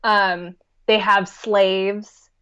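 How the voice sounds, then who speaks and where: A woman guest on a podcast, chatting casually about a film in a relaxed way, thinking aloud as she goes. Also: mid-range voice, very slow, muffled recording, a crowd in the background.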